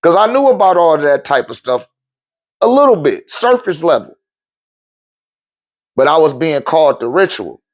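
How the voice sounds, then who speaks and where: A man's voice: fairly high pitch, very animated, moderate pace, long pauses. A man telling a personal story at a live talk in a loose, profane way, acting out the other people's voices as he goes.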